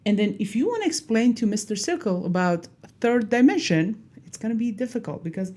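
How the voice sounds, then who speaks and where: Animated woman explaining with a mellow voice. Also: mid-range voice, fairly quick, hardly any pauses. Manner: animated, acts out little dialogues, laughs at herself. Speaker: teacher. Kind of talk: casual explanatory talk.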